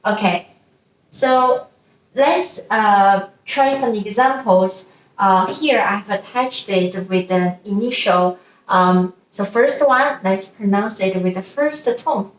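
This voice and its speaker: Slow, patient woman teaching pronunciation. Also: medium pitch, recorded from a distance. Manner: slow, patient, models sounds repeatedly. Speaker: language teacher. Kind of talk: beginner pronunciation lesson. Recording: roomy echo, voice a bit off-mic.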